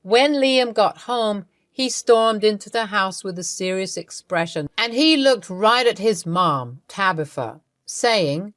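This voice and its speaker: A woman's voice: medium pitch, expressive, slow, few pauses, a bit bright, no echo, studio quality. Amused woman narrating a storytime. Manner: amused, conspiratorial.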